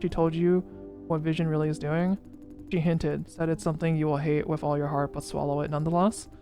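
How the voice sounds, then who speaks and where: In a brisk, dark-toned mid-range voice with little pitch movement, a game streamer voices a story game's characters, emphasizing each one differently. Soft music plays in the background.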